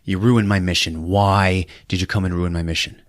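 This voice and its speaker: A man voicing an exasperated young woman spy, blunt and annoyed, in his own low voice. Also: steady tone, normal speed, no room sound, clean studio sound, lightly acted.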